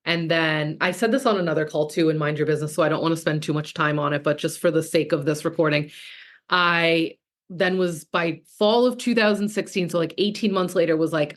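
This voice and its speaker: A woman's voice: deep voice, brisk. A woman in her thirties, a business coach talking casually and frankly with frequent swearing, reading out and answering chat comments. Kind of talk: coaching call.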